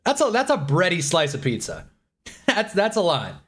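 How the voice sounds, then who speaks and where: A man's voice: high voice, huge pitch swings, normal speed, fairly bright tone. A man reacting live on a stream, rambling and annoyed, joking and talking while he eats.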